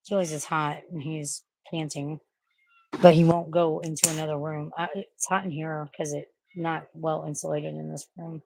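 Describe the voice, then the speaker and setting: A woman's voice: low-pitched, flat delivery, moderate pace, vocal fry, a little mellow. A woman chatting casually and rambling to her viewers from her bedroom, swearing freely and cooing at her pets. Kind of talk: casual livestream chat. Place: bedroom at home.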